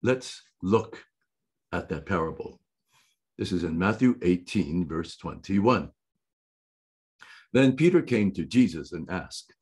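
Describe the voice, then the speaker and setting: Male preacher, slow and emphatic sermon delivery, husky tone, lively rises and falls in pitch. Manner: slow, deliberate reading with emphatic repetition. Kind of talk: sermon reading and explaining scripture.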